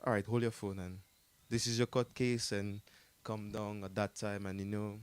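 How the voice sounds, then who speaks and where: A man's voice: fairly low pitch, little pitch movement, normal speed, clear, resonant tone. A man with a Jamaican accent telling a story in a casual interview, rambling with many fillers and frequent laughter. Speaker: artist telling his story as a guest.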